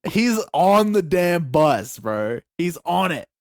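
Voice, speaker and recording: A young man co-hosting a podcast, telling a story in animated, swear-heavy casual chat with sudden shouts and laughs. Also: fairly high pitch, takes it slowly, no room sound, clean studio sound. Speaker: podcast co-host.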